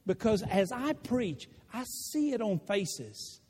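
High, lively preacher man. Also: slow, a little hiss or hum. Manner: animated preaching, rising to shouts, with laughs. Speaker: pastor. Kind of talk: sermon. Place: church sanctuary. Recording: long reverb of a large room.

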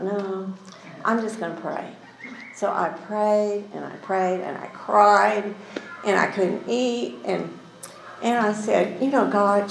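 An older woman teaching a women's Bible study, telling a family story in an earnest, chatty way with soft asides. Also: mid-range voice, creaky, echoey room, slight background noise, poor audio.

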